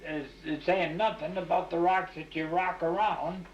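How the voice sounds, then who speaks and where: A man's voice: a little high, steady tone, normal speed, a little hiss or hum. An older man telling rambling, folksy stories in an oral history interview, full of restarts and "you know". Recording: echoey, dull 1989 tape recording.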